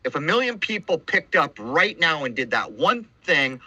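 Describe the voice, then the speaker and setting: A podcast host speaks in a very bright, forceful voice that sits a little high. He argues emphatically, often dropping into mocking quoted lines. The recording is dry and close. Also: sing-song, moderate pace, slightly rough, no room sound, poor audio. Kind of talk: casual conversation.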